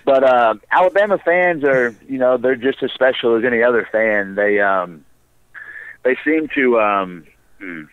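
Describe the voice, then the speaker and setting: A man being interviewed as a wrestler, telling stories in a relaxed way with dry, sarcastic asides. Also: medium pitch, unhurried, clear, resonant tone, dry recording. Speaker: wrestler guest. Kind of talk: casual storytelling interview. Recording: dry tinny phone line.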